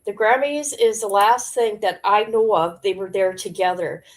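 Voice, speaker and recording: Celebrity gossip fills this woman's livestream as she chats casually and talks right to her audience. She speaks at normal speed in a medium pitch.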